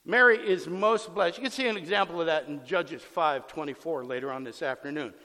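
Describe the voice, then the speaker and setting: A man's voice: fairly high pitch, a little fast, bright, forceful tone. A man preaching a sermon as pastor, conversational and emphatic, acting out the scenes he explains, in a long hall reverb.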